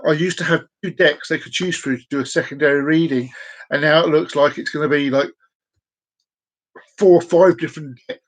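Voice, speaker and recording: A man in his forties rambles through a home live stream with a slightly high voice. He is playful and chaotic, echoing his own phrases and drawing them out. Now and then he breaks into excited whoops. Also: fairly quick. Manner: sudden whoops and excited outbursts. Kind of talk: casual live-stream chat. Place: at home at a desk.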